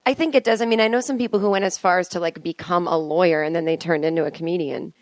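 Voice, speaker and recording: A woman's voice: on the low side, fast, no echo. A woman comedian guesting on a podcast, telling wry, self-deprecating stories in casual chat.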